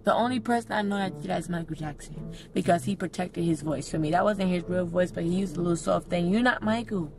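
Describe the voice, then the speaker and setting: A woman's voice: lowish voice, fast. A woman in casual chat, blunt and irritated, swearing and using casual slang. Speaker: friend and prank target.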